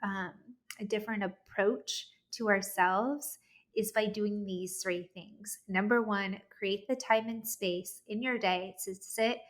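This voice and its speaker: A woman's voice: mid-range voice, slow. A woman in her thirties telling a personal story in a talk, acting out what she and others said along the way. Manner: animated storytelling, acts out her own quoted lines. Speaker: speaker giving a talk.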